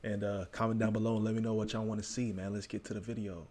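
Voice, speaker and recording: A man's voice: on the low side, little pitch movement, fast talker, warm tone. A man with a Texan accent hosting a reaction video, talking casually to his viewers. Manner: laid-back, talks to viewers as "y'all" and "man".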